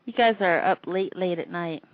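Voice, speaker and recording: A woman's voice: on the low side, normal speed, background noise. A woman hosting an internet call-in radio show, ranting emotionally and rambling, laughing often between thoughts. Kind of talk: casual call-in show rant. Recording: tinny phone-like line.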